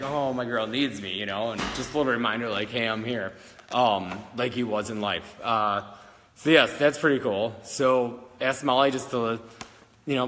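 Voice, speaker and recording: A man's voice: mid-range voice, a bit bright. A man hosting a casual talk as a psychic medium, rambling with many fillers while telling stories and answering questions. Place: old schoolhouse in the country. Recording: long reverb, faint background noise.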